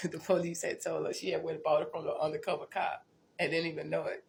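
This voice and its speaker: A woman's voice: deep voice, little pitch movement, fast talker, gravelly. A woman tells her life story in a blunt, profane, rambling way, often restarting and repeating herself. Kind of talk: casual storytelling monologue.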